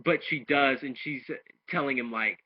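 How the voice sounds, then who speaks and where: Man, husky voice, casual episode recap, rambling, muffled lo-fi recording. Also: medium pitch, normal speed. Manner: rambling retelling with restarts, acting out quoted lines. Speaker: anime episode reviewer. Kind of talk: casual plot recap and review. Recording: dull lo-fi home recording.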